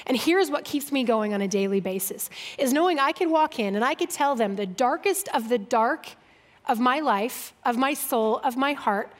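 A woman with a high, bright voice tells a story from her own life to a gathering. She pokes fun at herself, laughs easily and acts out both voices of each exchange. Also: normal speed. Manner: self-deprecating, lively, laughs often. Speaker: speaker sharing testimony. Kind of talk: humorous personal testimony.

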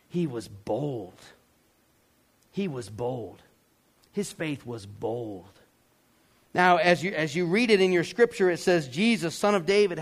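A man preaching a sermon to a congregation, emphatic, with sudden shouted lines and casual asides. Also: high voice. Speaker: pastor.

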